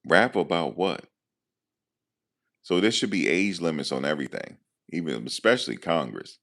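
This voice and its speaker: Casual, joking commentary aimed at his live chat comes from this male streamer, who answers viewers in a loose way. His deep voice is expressive, creaky, and a bit bright, delivered at a moderate pace.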